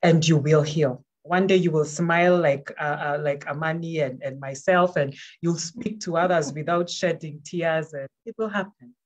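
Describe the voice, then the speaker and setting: A woman's voice: sits low, moderate pace, few pauses. A woman speaking as a panel guest, giving earnest, encouraging personal testimony and repeating words for emphasis.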